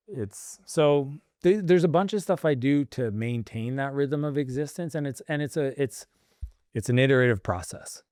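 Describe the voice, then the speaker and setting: Animated man telling stories, dry sound. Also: mid-range voice, normal speed, dry recording. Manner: animated storytelling, acts out dialogue. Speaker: guest entrepreneur. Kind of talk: casual podcast conversation.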